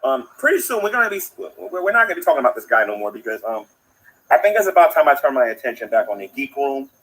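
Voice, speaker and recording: An indignant man rants into a phone from outdoors, preaching and circling back to the same point over and over. His pitch swings widely as he talks. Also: big pitch swings, fast, a bit bright, rough recording. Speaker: online commentator. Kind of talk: ranting phone livestream.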